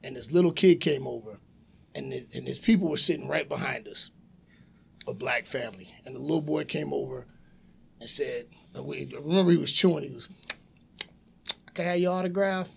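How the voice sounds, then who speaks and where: Gravelly-voiced man in his forties. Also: medium pitch, brisk. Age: 40s. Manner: animated storyteller acting out quoted voices. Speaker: podcast guest, pro wrestler. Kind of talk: casual chat, storytelling.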